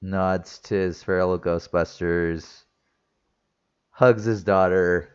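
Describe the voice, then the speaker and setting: A man's voice: low-pitched, steady tone, slow pace, smooth, lo-fi sound. A man casually recapping a film in a rambling review, teary-eyed and emotional. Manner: rambling, emotional, with fillers and restarts. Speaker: movie reviewer.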